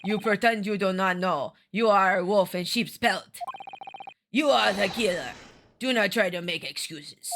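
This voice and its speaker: Woman doing a gruff Russian sailor. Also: medium pitch, a little slow, background noise, natural voice. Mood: accusing. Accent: put-on Russian. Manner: stiff, formal, menacing lines. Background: game music.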